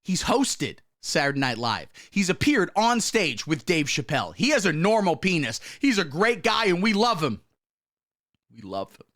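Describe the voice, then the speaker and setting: A man hosting a satirical news show, delivering commentary in a mock-pompous, swaggering way with sudden low asides. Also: very animated, normal speed, few pauses, a bit bright.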